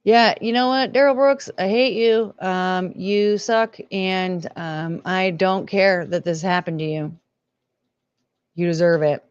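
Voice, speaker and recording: A woman's voice: mid-range voice, steady tone, slow, clean tone, no echo, muffled recording. A woman hosting a casual livestream, talking in a rambling, emotional way and swearing freely. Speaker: livestream host.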